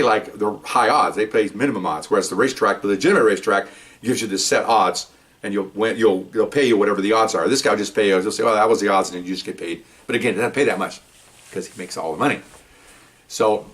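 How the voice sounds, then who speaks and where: Older man, retired cop telling stories, fast talker, lowish voice, animated, mic a bit far off. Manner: animated, jumps up in pitch when acting out dialogue. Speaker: retired police officer. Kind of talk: casual storytelling. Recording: voice picked up from a distance.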